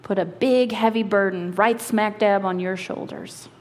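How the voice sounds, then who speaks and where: A woman lead pastor preaching a sermon and reading scripture, earnest and slowing for emphasis, with quick asides. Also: mid-range voice, steady tone. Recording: long hall reverb.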